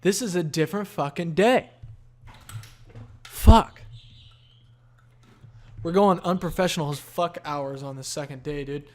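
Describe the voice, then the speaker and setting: A man's voice: on the high side, unhurried, long pauses, darkish tone. A tired, yawning man hosting a solo podcast, rambling in a laid-back, profane stream of consciousness. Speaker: podcast host.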